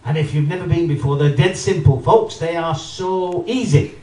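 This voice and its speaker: A man doing an animated stand-up routine, talking straight to a live audience. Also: on the high side, normal speed. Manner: animated, addresses the audience, acts out voices. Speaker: stand-up comedian. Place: live comedy venue with audience. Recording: roomy live venue, mic from a distance.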